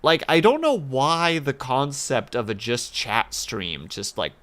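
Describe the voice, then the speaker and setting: Animated rambling male streamer. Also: medium pitch, a little slow. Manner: rambling, animated, playful asides. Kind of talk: casual stream chat.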